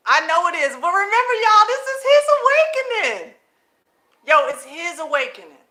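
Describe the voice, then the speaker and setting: High, bright woman preaching at home. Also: moderate pace. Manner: animated, repeats phrases for emphasis, calls viewers family; laughs often between points. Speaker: host of her own channel. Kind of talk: casual preaching monologue to viewers. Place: home at night, children nearby.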